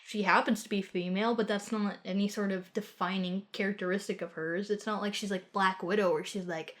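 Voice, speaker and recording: A woman's voice: mid-range voice, steady tone. A woman from Texas co-hosting a film podcast, talking in casual, blunt review chat with frequent swearing and lots of "like"s. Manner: quick asides, many "like"s. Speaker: podcast co-host.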